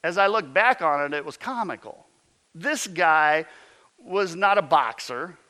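High, bright-voiced preaching man. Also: expressive, measured pace. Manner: storytelling, emphatic, rhetorical questions. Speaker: pastor. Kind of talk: sermon.

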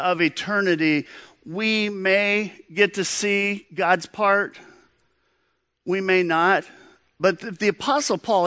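A man's voice: a little high, a bit bright, no room sound. A man preaching a sermon, telling stories in an earnest way and calling the listeners friends. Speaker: pastor.

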